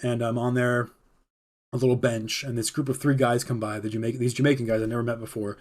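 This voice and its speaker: A man recounts a personal story on his live podcast in a relaxed, meandering way. His voice sits at a middle pitch with a mellow, warm color. He leans on filler words and breaks into laughter now and then. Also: fast. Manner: rambling, filler-heavy with frequent laughs. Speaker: podcast host. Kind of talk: casual storytelling.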